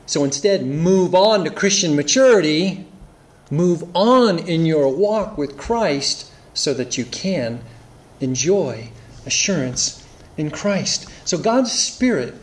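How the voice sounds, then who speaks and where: Man preaching a sermon, slightly high voice. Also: animated, takes it slowly. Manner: earnest expository preaching, reads scripture aloud. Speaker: pastor.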